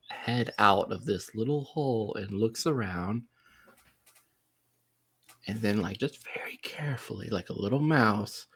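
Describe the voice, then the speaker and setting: A man with a lowish voice narrates a tabletop game as its game master. He talks slowly, drifting along with plenty of ums and likes as he sets each scene. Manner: unhurried, rambling, full of ums and likes.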